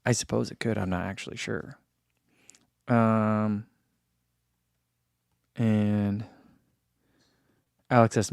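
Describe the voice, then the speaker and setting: A man's voice: fairly low pitch, steady tone, slow, creaky, long pauses, a little mellow, clear, resonant tone, no room sound, studio quality. A man hosting a running channel, chatting casually on a livestream, rambling in an easygoing way with many fillers while reading viewer comments. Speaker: running channel host reading live chat.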